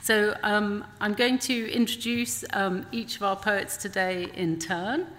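A woman festival director opening a live poetry event with bright, forward delivery. She introduces each guest, pausing often on fillers. A long hall reverb and faint noise sit behind her. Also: medium pitch, fairly even intonation. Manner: warm, filler-heavy introducing.

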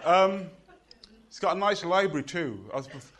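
A man's voice: high-pitched, moderate pace, a bit bright. A middle-aged British man performing poetry to a live audience, with a rhythmic chanting delivery and playful banter with the crowd. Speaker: performance poet.

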